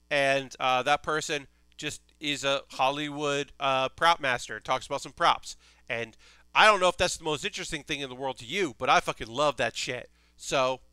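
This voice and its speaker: A man's voice: fairly high pitch, bright, forceful tone, clean tone, no echo. A man streaming live while building a model kit, chatting casually in a rambling, enthusiastic way and swearing freely.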